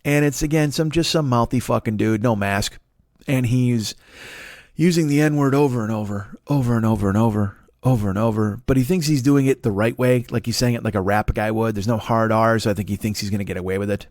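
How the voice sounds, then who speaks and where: A man in his forties rants through a stand-up bit, swearing constantly and acting out scenes in bursts of sudden emphasis. His voice sits at an ordinary middle pitch, recorded close and dry with no room around it. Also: a little fast, darkish tone, dry recording. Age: 40s. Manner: profane, ranting, acts out imagined scenes. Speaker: comedian. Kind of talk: stand-up storytelling.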